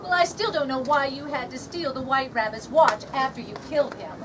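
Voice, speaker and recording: Actress as a high-voiced, wondering Alice, heard from a distance over a noisy crowd. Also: female voice, brisk, close to an everyday voice. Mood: puzzled. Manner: polite, wondering, questioning. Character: puzzled young woman Alice, polite outsider. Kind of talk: outdoor live stage comedy skit. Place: outdoor reenactment event. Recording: distant voice amid outdoor crowd.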